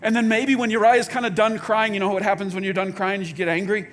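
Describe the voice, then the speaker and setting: A man preaching a sermon in a conversational way, with halting restarts, dropping to quiet intensity and rising to loud outbursts. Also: high voice, flat delivery, soft background music. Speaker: pastor. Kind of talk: sermon with acted-out quotes.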